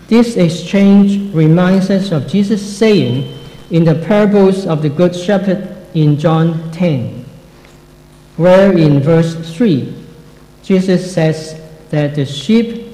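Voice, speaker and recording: A man giving a slow, measured, reflective Bible lesson. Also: a little high, warm tone. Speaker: Bible teacher. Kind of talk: explanatory Bible teaching. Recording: echoey room with long reverb.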